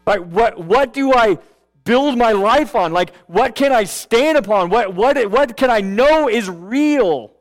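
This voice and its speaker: Speaking slowly with lively intonation and an extremely high pitch, a male pastor gives a chatty sermon. He checks in casually with "okay" and "right," frequently restarting and repeating words.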